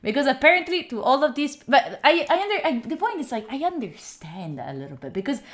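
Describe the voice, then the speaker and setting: A woman's voice: high-pitched, sing-song, brisk. A young Italian woman with an Italian accent, chatting casually with her stream chat, laughing often and answering viewers' questions. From Italy. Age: young adult. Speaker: study streamer.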